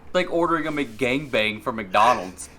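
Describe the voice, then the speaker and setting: Rambling young podcast co-host. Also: male voice, medium pitch, expressive, moderate pace. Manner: rambling, wondering out loud. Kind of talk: casual podcast chat.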